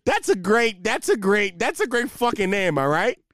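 A man's voice: high-pitched, very animated, moderate pace, fairly bright tone, dry recording, clean studio sound. A young man hosting a casual solo podcast, telling profane, rambling, self-mocking stories while a bit drunk. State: tipsy from drinking. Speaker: podcast host. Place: home setup with a ring light, facing camera.

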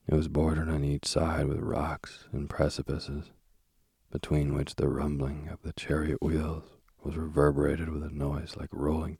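A man reading a storybook aloud in a measured, even way. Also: rumbling low, gravelly, breathy edge, no room sound, clean studio sound. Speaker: narrator.

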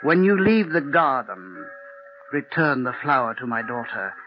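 A man's voice: mid-range voice, very animated. An actor playing a stately father who formally grants his daughter's betrothal, in 1940s radio acting style. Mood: gravely courteous. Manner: formal, measured and courtly. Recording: dull old radio broadcast with music.

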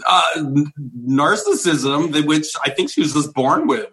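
A man's voice: a little high, poor audio. A man guesting on a podcast, chiming in animatedly in casual chat. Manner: animated, chiming in with quick agreement.

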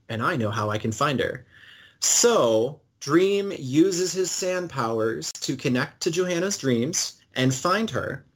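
A man co-hosting a podcast, retelling and analyzing a TV episode in a casual, enthusiastic way, with many fillers. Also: medium pitch. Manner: enthusiastic, detailed storyteller who uses many fillers. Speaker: podcast co-host.

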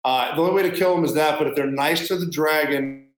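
A man's voice: fairly high pitch, fast talker, reverberant, rough recording. A man in an interview as a former military guest, talking bluntly and sarcastically in a rambling casual way.

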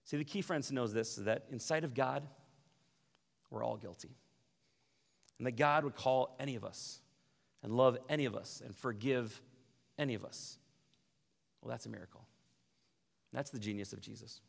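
A man preaching a sermon as pastor, animated, often acting out quoted voices. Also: mid-range voice, moderate pace, vocal fry, long pauses. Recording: long hall reverb.

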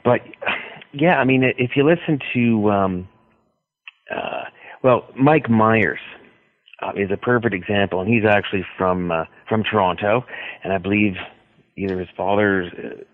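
Low-voiced man on a tinny phone line. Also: no room sound. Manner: rambling, hesitant, with many pauses. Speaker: author guest. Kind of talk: radio interview by phone.

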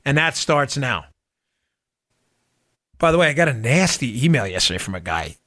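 A man hosting a political podcast, delivering a sarcastic, animated commentary monologue. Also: normal speed, no echo, clean studio sound. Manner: animated, sarcastic, mimics people in high voices. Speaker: podcast host.

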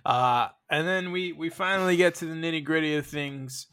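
A man's voice: a little high, unhurried, a bit bright, smooth. A man co-hosting a podcast, chatting in a sardonic, profane way. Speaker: podcast co-host. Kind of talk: casual chat.

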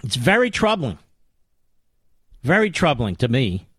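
A man's voice: medium pitch, sing-song, measured pace, a bit bright, slightly rough, no room sound. A man hosting a political talk radio show, delivering a combative, indignant monologue with emphatic repetition.

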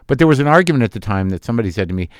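A man's voice: medium pitch, expressive, very fast, no echo, studio quality. A middle-aged man, an actor being interviewed, talking casually and hesitantly with many restarts and fillers. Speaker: actor guest.

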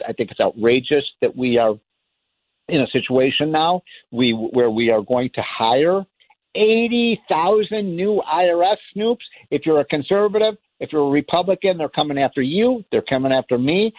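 A man with a fairly high voice delivers an impassioned political monologue as a radio talk host. He is emphatic and sarcastic and drives each point home through repetition. The sound is thin and phone-like, with no room echo. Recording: tinny phone-line sound, dry.

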